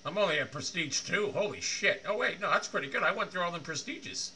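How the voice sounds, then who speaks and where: A bright, forceful male voice, a little higher than most men's, talking over his gameplay as a streamer. He curses freely, ranting loudly at the game one moment and mumbling quietly to himself the next. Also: lively intonation, fairly quick, slight background noise. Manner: swears a lot, swings from loud frustrated rants to low muttering. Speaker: gaming streamer. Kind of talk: live game commentary.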